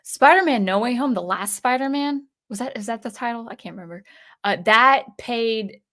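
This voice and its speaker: A woman's voice: a little high, normal speed, fairly bright tone. A young adult woman hosting a casual livestream, reading chat comments aloud in a chatty, hesitant way with many fillers and restarts. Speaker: livestream host.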